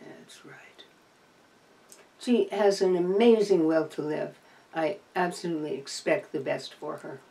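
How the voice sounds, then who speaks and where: A woman's voice: deep voice, normal speed, gravelly, warm tone. A woman chatting to camera with dry, playful humor, sometimes cooing tenderly to her pet opossum. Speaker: opossum rescuer and vlogger. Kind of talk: casual chat to camera. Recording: voice somewhat distant from the mic.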